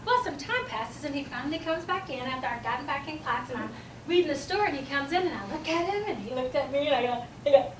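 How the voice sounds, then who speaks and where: A woman giving a humorous contest speech, animated and acting out children's voices in a stage storytelling style. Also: fast, slight background noise. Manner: animated, acts out children's voices in high squeals. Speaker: speech contest speaker, teacher. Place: event hall. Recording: roomy hall, mic from a distance.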